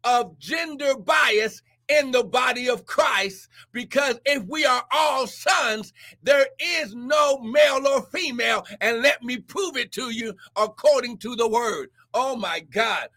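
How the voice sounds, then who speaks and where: A male preacher delivering a fiery sermon and prophecy, shouting, whooping, and calling out "listen" and "glory" again and again. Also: very high-pitched, takes it slowly.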